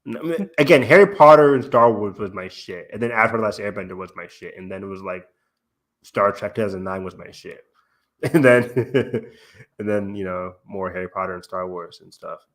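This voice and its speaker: A man's voice: fairly low pitch, moderate pace. A man hosting a casual fan podcast, rambling with lots of fillers, laughing often and swearing casually. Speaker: podcast host.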